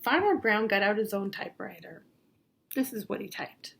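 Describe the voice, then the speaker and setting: A woman reading a picture book aloud to children in a gentle, playful way, pausing to point out the pictures. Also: medium pitch, expressive, creaky. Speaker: storybook reader for children.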